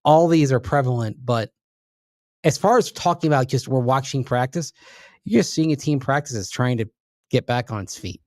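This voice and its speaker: A man's voice: mid-range voice, moderate pace, a little mellow, no room sound, clean studio sound. A man co-hosting a sports radio show, breaking down the team in an analytical, emphatic way. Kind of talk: casual sports talk.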